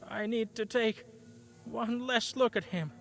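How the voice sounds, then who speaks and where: A man's voice: high-pitched, measured pace, vocal fry, fairly bright tone, soft background music, full character voice. An actor voicing a grieving peasant man in a video game, defensive and sorrowful.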